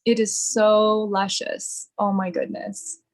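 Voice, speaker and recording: A woman esthetician giving a slow, gushing skincare demonstration at home. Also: medium pitch, level tone, low-quality recording.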